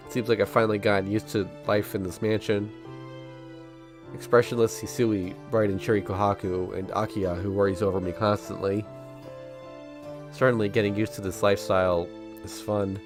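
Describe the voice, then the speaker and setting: A man streaming, reading a visual novel aloud in steady first-person narration and breaking off now and then with chuckling asides. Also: on the low side.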